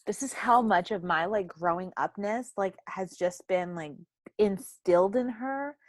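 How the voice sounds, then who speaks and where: A young adult woman hosts a podcast, casually chatting and telling candid, animated stories with frequent swearing. Her mid-range voice moves a little slowly, with no room sound.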